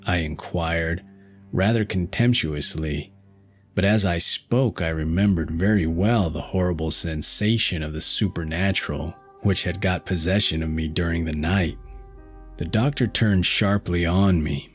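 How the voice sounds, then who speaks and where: A man narrating a ghost story in measured, unhurried first person. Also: low voice, a bit bright, breathy edge, faint music behind. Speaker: audiobook narrator.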